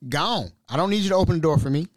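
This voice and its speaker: A man's voice: on the high side, animated, rapid-fire, no room sound, clean studio sound, pitched above the performer's own voice, close to an everyday voice. A man voicing his elderly aunt, who is curt and dismissive.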